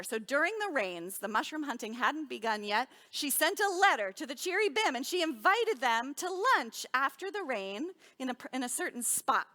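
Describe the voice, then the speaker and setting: A woman telling a children's story at a service, animated and drawing the children in with questions and call-and-response games. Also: high voice.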